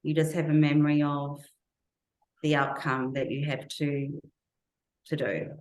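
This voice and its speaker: A woman's voice: deep voice, little pitch movement, a little slow, a little mellow, roomy sound, low-quality recording. A woman as an interview guest, giving earnest, reflective personal testimony full of recalled detail.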